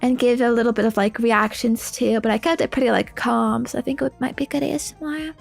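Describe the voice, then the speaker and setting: A woman's voice: fairly high pitch, fairly even intonation, fast talker, gravelly, soft background music. A young woman streamer chatting casually while building a model kit, rambling and laughing with lots of fillers.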